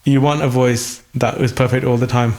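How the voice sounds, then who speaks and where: Man, interview guest, thoughtful, hesitant restarts, recovering voice, middle pitch. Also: fairly even intonation, moderate pace, a little mellow. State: voice recovering after illness. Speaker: guest musician. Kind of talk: conversational interview.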